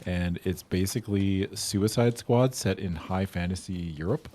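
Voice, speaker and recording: Man, husky rough voice, deep, laid-back profane game-stream chat. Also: measured pace, dark tone. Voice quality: gravelly and husky. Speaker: streamer co-host. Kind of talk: casual gaming chat.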